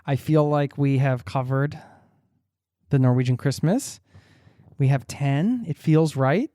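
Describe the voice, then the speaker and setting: Teasing male podcast host, dark tone. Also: medium pitch, slow, no room sound, studio quality. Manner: teasing, playful, laughs often. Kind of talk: casual podcast chat.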